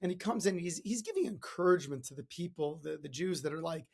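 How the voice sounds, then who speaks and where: A man's voice: on the high side, animated, fast talker, gravelly, darkish tone, breathy edge. A man hosting a podcast, giving a chatty motivational talk full of stories and asides. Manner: chatty, many fillers and restarts, storytelling. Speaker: podcast host.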